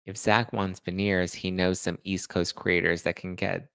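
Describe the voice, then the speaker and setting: A man's voice: low voice, level tone, normal speed, creaky, fairly bright tone, clean tone, no echo. A young man hosting a podcast livestream, chatting casually and reading out viewer comments, with a slight lisp. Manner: chatty, rambling, self-deprecating. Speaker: podcast host reading live chat.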